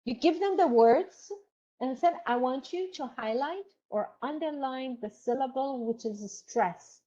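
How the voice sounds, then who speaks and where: A woman lecturing to a class of trainee teachers, explaining each point in a measured, deliberate way. She pauses to check whether her listeners follow. The recording sounds dull and lo-fi. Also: high voice, warm tone. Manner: explanatory, asks the class questions. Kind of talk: online lecture.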